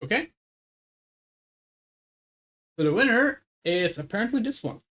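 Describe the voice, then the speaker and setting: Streaming a game, a woman with a mid-range, slightly bright voice chats casually with viewers, very animated but at a measured pace. She rambles and thinks aloud while choosing options, calling herself "we."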